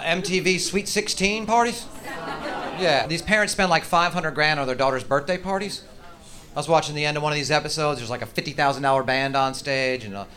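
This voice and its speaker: A man's voice: fairly high pitch, a bit bright. A man performing a stand-up comedy set, talking in a brash, profane, ranting way. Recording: noisy live club recording.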